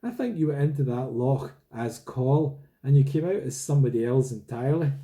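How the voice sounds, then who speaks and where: A man's voice: medium pitch, lively intonation, normal speed, dark tone, close to an everyday voice. A man voicing a wary, puzzled teenage schoolboy passing on gossip. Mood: accusing. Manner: accusing, puzzled.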